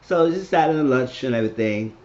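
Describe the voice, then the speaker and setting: A man in a casual, rambling recap, talking at a middling pitch. He swears freely and keeps an easygoing flow. The audio is dull and lo-fi. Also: expressive, fast, darkish tone. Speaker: show reviewer.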